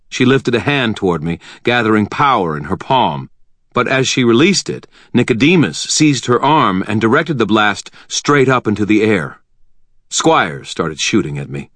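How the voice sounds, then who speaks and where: Deep male narrator, dry close sound, measured first-person audiobook reading. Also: fairly bright tone, no room sound.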